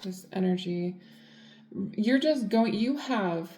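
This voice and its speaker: A woman's voice: mid-range voice, lively intonation, slow pace, darkish tone, echoey room, slight background noise. A woman giving a casual tarot reading, chatty and blunt, full of fillers. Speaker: tarot reader.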